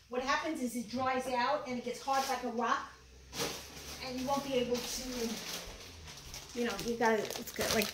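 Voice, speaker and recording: Brooklyn woman, a bit high-voiced, opinionated home cook chatting over clattering pots. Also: noisy background. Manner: chatty, opinionated, frequent fillers. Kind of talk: casual cooking demonstration. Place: home kitchen. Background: clattering dishes and utensils.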